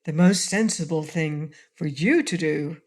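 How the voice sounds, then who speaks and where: A woman's voice: sits low, a little slow. A woman reading a sensible, kindly village woman. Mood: advising. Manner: calm, sensible advice.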